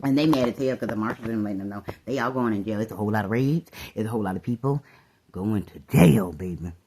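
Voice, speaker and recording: A woman giving a casual tarot reading to her viewers, animated, calling everyone "baby" and laughing often. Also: a bass voice, fast talker, slight background noise. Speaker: tarot reader.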